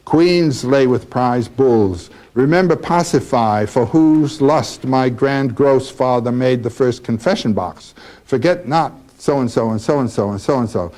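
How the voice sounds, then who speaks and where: A man's voice: measured pace, dark tone, close to an everyday voice. A man reading as a brooding young poet. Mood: declaiming. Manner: read aloud with a slightly raised pitch.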